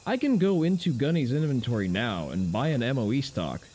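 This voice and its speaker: A man's voice: mid-range voice, sing-song, a little fast, darkish tone, slight background noise. A man giving loose, profane gameplay commentary on a stream, with wry asides to his chat. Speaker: game streamer.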